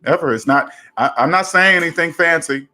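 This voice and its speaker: Speaking at a moderate pace, a man with a higher-leaning voice and a sharp tone hosts a relaxed personal finance chat. As coach and host, he counsels a listener with insistent repetition, circling back repeatedly to a single simple formula.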